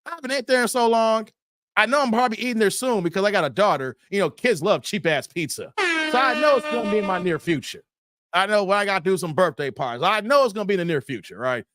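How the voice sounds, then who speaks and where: A man's voice: high-pitched, very animated, fast talker, a bit bright, no echo, clean studio sound. A man hosting a casual live stream, reading viewer comments aloud and laughing often.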